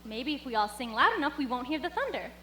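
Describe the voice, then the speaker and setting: A teenage girl playing a caring young governess, her voice pitched very high and light, in a school stage production. She speaks with tender softness and breaks into playful yodeling. The sound rings through an echoey auditorium with live music beneath her. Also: very animated, quick pace, heavily acted. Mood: comforting. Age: teens. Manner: soft, tender speaking and bright yodeling song. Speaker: student actor.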